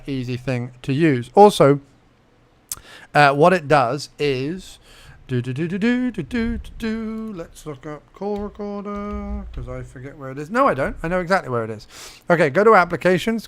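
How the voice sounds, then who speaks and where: A young man with a fairly high, clean voice hosts a casual screen-recorded tutorial for his podcast. Chatty and playful, he talks to himself as he clicks through menus.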